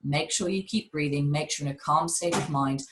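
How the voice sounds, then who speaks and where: A public speaking coach with a neutral British accent speaks on a webinar video call. Her voice sits a little low for a woman. She talks with emphatic energy and turns often to address the audience directly. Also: fairly quick, noisy background. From United Kingdom. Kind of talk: webinar advice talk.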